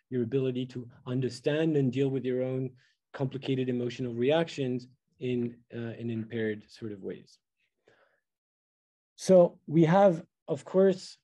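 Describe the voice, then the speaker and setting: A man's voice: mid-range voice, dark tone, rough recording. A middle-aged man giving an academic lecture, thoughtful and full of fillers and restarts.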